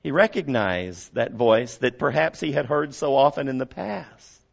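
A man preaching a sermon as pastor, dropping to quiet passages and rising to loud emphasis while he asks the congregation questions. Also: medium pitch, lively intonation, unhurried, creaky, highs cut off.

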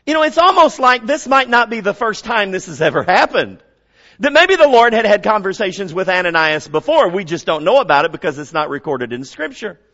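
A man with a high voice preaches a sermon from the pulpit. He sinks to near-whispers and then swells to loud emphasis, putting questions to the congregation. The recording is dull and lo-fi. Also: very animated, a little fast. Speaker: pastor.

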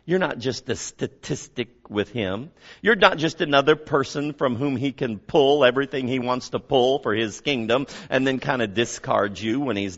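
A man preaching a sermon as pastor, dropping to quiet passages and rising to loud emphasis while he asks the congregation questions. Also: medium pitch, highs cut off.

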